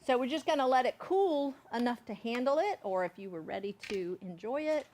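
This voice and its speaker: A woman's voice: on the high side, animated, fairly quick, darkish tone, a little hiss or hum. A middle-aged woman from Georgia with a Southern accent, chatting folksily while demonstrating recipes in a cooking class. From Savannah, Georgia, USA. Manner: chatty, folksy, checks in with "okay?".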